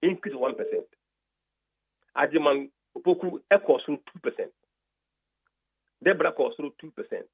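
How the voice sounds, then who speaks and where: A Ghanaian man with a husky, slightly breathy voice reads out poll results one by one, in a methodical, steady way. He comes through a narrow, phone-like line on a radio broadcast. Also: on the high side, moderate pace, long pauses. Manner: methodical, reading out a long list of figures. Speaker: radio talk show guest presenting poll results. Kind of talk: radio talk, switching between English and Twi.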